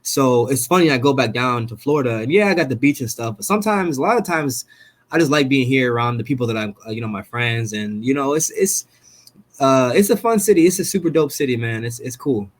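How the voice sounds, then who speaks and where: A young man from Jamaica, a fighter guest chatting casually on a podcast, laid-back and animated, laughing often. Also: medium pitch, brisk.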